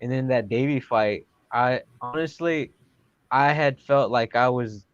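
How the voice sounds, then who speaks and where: A man's voice: medium pitch, measured pace, clear, resonant tone, dry recording. A man talking as a guest fighter in a casual podcast chat, rambling with lots of fillers and self-corrections. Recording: dull lo-fi dry sound.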